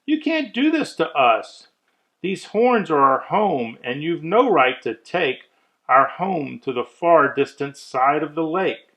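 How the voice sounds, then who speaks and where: A man doing shrill bossy critter guests. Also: big pitch swings, slow pace, heavily acted. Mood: demanding. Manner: shrill, demanding, shouting. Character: shrill bossy small animal guests on moose horns.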